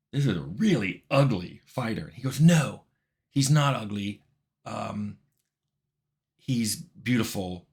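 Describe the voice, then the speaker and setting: A middle-aged man with a fairly low voice tells a tabletop game story in a relaxed, wry way. He chuckles now and then as he goes. He talks casually and directly to his listeners. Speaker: game developer telling a story.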